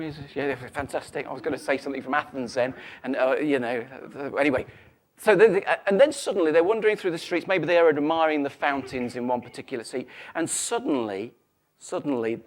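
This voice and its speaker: Animated man preaching a lively sermon. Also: on the high side. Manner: conversational, animated storytelling with asides. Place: church.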